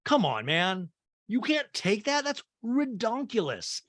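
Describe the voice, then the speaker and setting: Animated, rambling male podcast host. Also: high-pitched, a little slow, no room sound, clean studio sound. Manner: animated, rambling, swearing and laughing. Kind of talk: casual reality TV recap.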